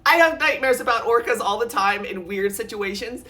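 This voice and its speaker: A woman in a storytime vlog, retelling a nightmare in an animated, breathless way, with lots of "like" and sudden jumps in pitch, sometimes close to tears. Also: normal speed. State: near tears at times. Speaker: vlogger.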